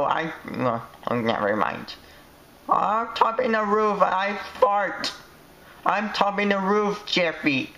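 A man giving excitable, rambling commentary while he plays a game. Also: high voice.

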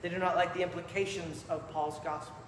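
High-voiced preaching man, echoey church. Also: fairly even intonation. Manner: emphatic preaching with measured, deliberate delivery. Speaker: pastor. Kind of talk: sermon. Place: church sanctuary. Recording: echoey church hall with faint room noise.

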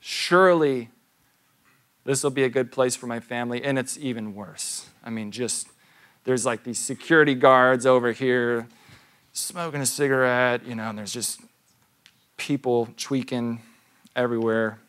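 A man's voice: medium pitch, unhurried, fairly bright tone. A man in his thirties, a pastor giving a sermon in a church, telling a story and asking questions in a conversational way.

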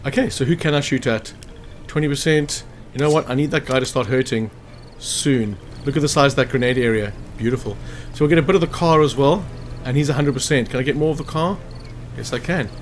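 A man's voice: medium pitch, a little fast, slight background noise. A man casually commentating a strategy game walkthrough, chatty and thinking aloud as he checks hit chances. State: hiccuping after lunch. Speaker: gameplay commentator.

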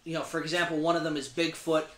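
A man's voice: on the high side, flat delivery, quick pace, a bit bright. A young man in his twenties co-hosting a casual beer review, easygoing and rambling. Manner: laid-back, short replies, rambling with "like". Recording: echoey room.

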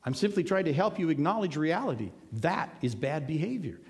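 A man's voice: on the high side, sing-song, fairly quick. A male pastor giving an earnest, conversational sermon, driving points home with emphatic repetition. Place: church sanctuary. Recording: long hall reverb.

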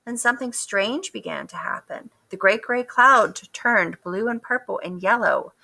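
A woman reading a children's picture book aloud, expressive and asking the listeners questions. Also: mid-range voice, normal speed, vocal fry. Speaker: storybook reader. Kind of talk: children's story read-aloud.

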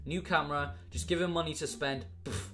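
A man's voice: fairly high pitch, a little fast, a little hiss or hum. A young man from Wales with a Welsh accent, chatting casually and bantering through an online quiz, swearing often. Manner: swearing, banter-filled, animated. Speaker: YouTuber.

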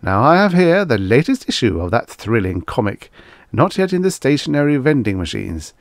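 A man voicing a smooth, winning male sales robot with a voice like a television announcer. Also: mid-range voice, very animated, normal speed, dry recording, studio quality, voice pushed up. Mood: salesy.

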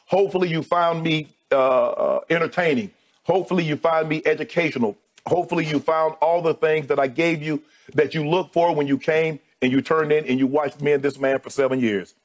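A middle-aged co-host of a TV sports debate show delivers an emotional farewell on air, thanking his colleagues one at a time as his voice sinks low. He keeps a steady tone and speaks fairly quickly.

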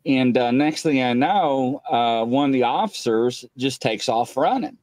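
A middle-aged man, a police captain as the show's guest, telling a casual rambling story full of filler "uh"s and quoted dialogue he acts out with sudden jumps up in pitch. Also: a little slow, no echo. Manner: animated, jumps up in pitch when acting out quoted speech; loose and rambling with many filler "uh"s.

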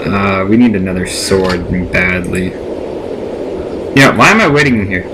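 A man's voice: deep voice, animated, measured pace. Man rambling over a noisy laptop mic. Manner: chatty, rambling self-talk to viewers. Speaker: let's play gamer. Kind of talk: casual gameplay commentary. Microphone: built-in laptop microphone.

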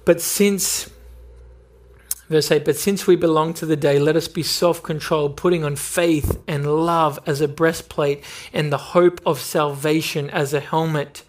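A man's voice: a little high, steady tone, measured pace. A male pastor preaching a sermon, earnest and pressing direct questions at his listeners.

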